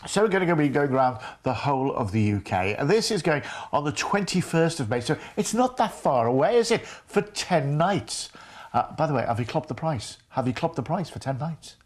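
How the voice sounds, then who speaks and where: A man hosts a live sales show in a fairly high, bright register. He gushes about every deal and repeats the key numbers to drive them home. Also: big pitch swings, normal speed. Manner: gushing, repeats prices and phone number. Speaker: TV shopping presenter.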